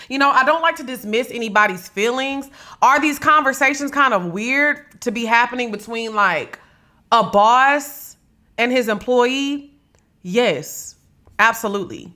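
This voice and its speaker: Sassy bright-voiced woman podcast host. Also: high voice, lively intonation, a little slow. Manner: sassy, blunt, swears freely, dramatic. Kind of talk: casual gossip commentary.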